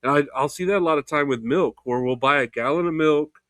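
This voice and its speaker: A man's voice: on the high side, fairly quick, fairly bright tone, no room sound. A young man hosting a solo podcast, talking in a loose, rambling, profane way. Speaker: podcast host. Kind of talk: casual solo podcast chat.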